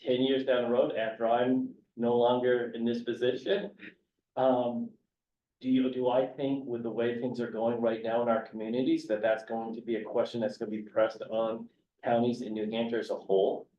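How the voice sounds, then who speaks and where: A man's voice: mid-range voice, little pitch movement, normal speed, mellow. A man serving as county commissioner at a public meeting, rambling with restarts and reading statute text aloud. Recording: echoey, dull, distant room recording with faint hum.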